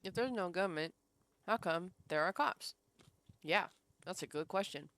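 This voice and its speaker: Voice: medium pitch, normal speed, long pauses, a bit bright, dry recording. Chatty streamer with light Southern lilt. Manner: chatty, reacts to chat, laughs often. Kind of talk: casual gameplay commentary.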